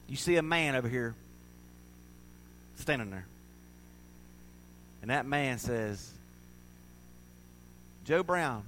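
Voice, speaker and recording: A male pastor preaches a sermon in a high, bright-edged voice. His delivery is conversational and emphatic. He often speaks straight to the congregation and works jokes into the message. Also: a little hiss or hum, low-quality recording.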